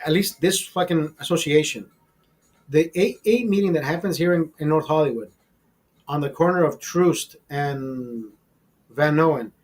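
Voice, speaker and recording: A man's voice: on the high side, measured pace. A young man, the host, telling a long casual story in a rambling, heavily profane way. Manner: profane, rambling, mimics voices.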